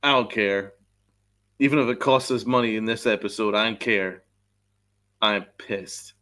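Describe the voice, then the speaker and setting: A man's voice: on the low side, fairly even intonation, a little slow, bright, forceful tone. Angry man ranting on a sports podcast. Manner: angry, profane, venting; reads chat messages aloud. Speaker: podcast host. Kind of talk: live-stream sports rant.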